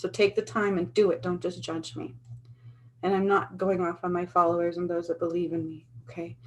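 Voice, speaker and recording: A woman's voice: on the low side, a little hiss or hum, rough recording. Earnest woman vlogging. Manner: earnest, emphatic, repeats herself. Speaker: spiritual vlogger. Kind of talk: casual talk to camera.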